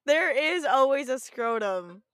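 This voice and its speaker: A woman's voice: high voice, lively intonation, unhurried, fairly bright tone, no echo, clean studio sound. A woman co-hosting a casual rewatch podcast, laughing often and recapping episode plots. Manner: giggly, recaps the plot. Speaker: podcast co-host.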